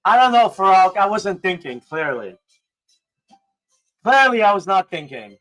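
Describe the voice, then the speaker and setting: A man hosting a casual livestream, excitable and prone to swearing, swinging between hyped outbursts and low mumbling. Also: unhurried, soft background music. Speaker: livestream host.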